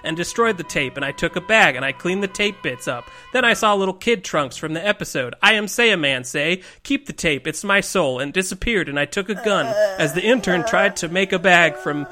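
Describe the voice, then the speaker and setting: A man's voice: sits high, animated, brisk, few pauses. A man hosting a casual podcast, reading a rambling horror story aloud and breaking into laughter. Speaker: podcast host reading creepypastas.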